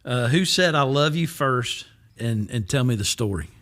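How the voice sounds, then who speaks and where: A man's voice: mid-range voice, lively intonation, fairly bright tone. A man hosting a podcast, asking follow-up questions and laughing along with his guest. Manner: encouraging, quick to laugh, asks follow-ups. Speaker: podcast host. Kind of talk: casual interview.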